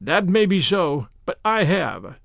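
A man's voice: high voice, very animated, slow, vocal fry, fairly bright tone, dry recording, full character voice. A man reading aloud, voicing a brash young American millionaire who talks dryly. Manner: dry, drawling.

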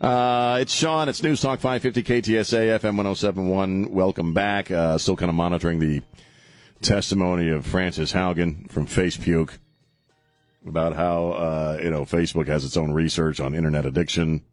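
A man's voice: low voice, fairly even intonation, moderate pace, no room sound, faint music behind. A man hosting a talk radio show, rambling and joking in a casual on-air chat, often chuckling as he talks. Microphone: studio broadcast mic.

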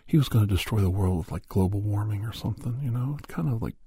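A man's voice: fairly low pitch, quick pace, mellow, husky, no echo. A man giving a rambling, preachy moral monologue, often sliding into a whisper. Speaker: monologue speaker.

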